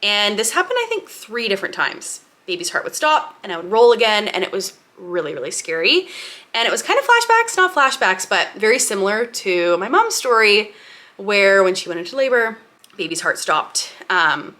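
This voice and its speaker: A young woman vlogger tells a personal story in a casual, emotional way, saying "like" often. Her medium-pitched voice is very animated and sharp in tone, at a moderate pace.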